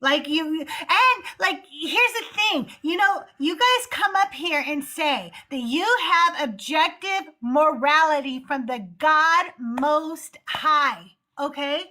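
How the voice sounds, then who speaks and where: A woman's voice: sits high, lively intonation, takes it slowly, hardly any pauses, bright, forceful tone. A woman hosting a live call-in show, chatting casually and getting emphatic, swearing when worked up. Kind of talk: casual chat.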